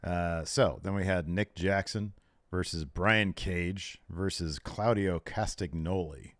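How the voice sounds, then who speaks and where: A man with a low, deep voice chats loosely and laughs a lot between his comments. The recording is dry and close, with no room sound. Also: slow pace, dry recording. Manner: laughs often, playful banter. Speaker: podcast co-host. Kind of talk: casual wrestling recap chat.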